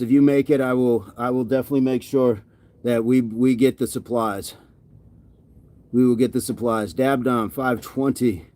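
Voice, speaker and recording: A man with a medium-pitched, dark voice is livestreaming his workout, winded and sweaty. He reads viewer comments aloud and often repeats himself as he chats casually.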